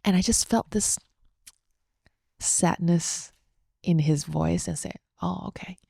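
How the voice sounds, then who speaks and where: A young adult woman hosting a podcast shares a personal story, open and heartfelt, chatty and full of fillers. Her voice is lowish, gravelly and dark, and she speaks slowly. The recording is dry, with clean studio sound.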